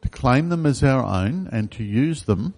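A man's voice: mid-range voice, animated, a little slow, a little mellow. A man preaching a sermon in a conversational way, asking the congregation questions. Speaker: pastor.

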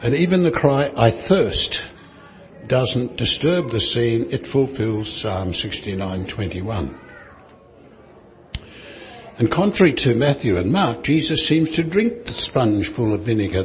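A man's voice: medium pitch, highs cut off. A man teaching a Bible class in a conversational way, asking his students questions and chuckling now and then.

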